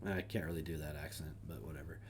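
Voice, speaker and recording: A man's voice: a bass voice, fairly even intonation, fast, a little hiss or hum. A man hosting a casual solo stream, reading names aloud and adding wry, offhand asides. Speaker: streamer host.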